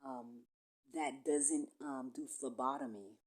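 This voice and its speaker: A woman's voice: a bass voice, slow pace, darkish tone, slightly rough. A woman, rambling profanely through a monologue that jumps from topic to topic. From Puerto Rico.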